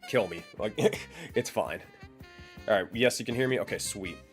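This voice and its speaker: A man's voice: on the low side, expressive, normal speed, faint music behind. A man live-streaming in casual chat, swearing and muttering to himself while he fiddles with his audio settings.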